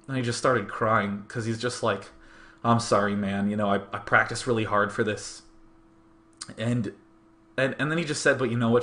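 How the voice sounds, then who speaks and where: A man's voice: mid-range voice, a bit bright. A young man recalling a tournament in earnest, conversational storytelling, with plenty of fillers. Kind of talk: reflective storytelling.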